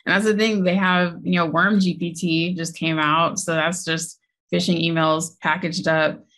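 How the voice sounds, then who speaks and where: A woman's voice: on the low side, flat delivery, measured pace, fairly bright tone. A woman co-hosting a tech podcast, chatting casually, often laughing and correcting herself mid-sentence. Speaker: podcast co-host.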